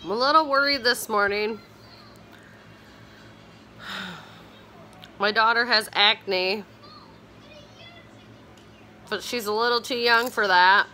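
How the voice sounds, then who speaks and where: Tired mom chatting at home on her phone cam, bright voice, slow easy pace. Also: mid-range voice, a little hiss or hum. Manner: chatty and animated, drifting into sing-song teasing. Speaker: vlogger. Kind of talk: casual morning vlog chat. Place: home, indoors.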